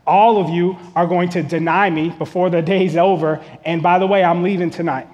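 Man playing a plainspoken reassuring male teacher, high voice, long hall reverb. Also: fairly even intonation, moderate pace, dull audio, close to an everyday voice. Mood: matter-of-fact. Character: calm reassuring male teacher speaking casually.

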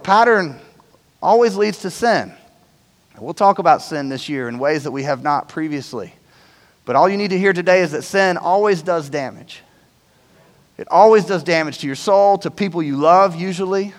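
A man's voice: sits high, normal speed, a bit bright, big-room sound. A male pastor giving a conversational sermon to his church, often checking in with "right?". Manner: conversational preaching, frequent "right?" tag questions. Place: church auditorium.

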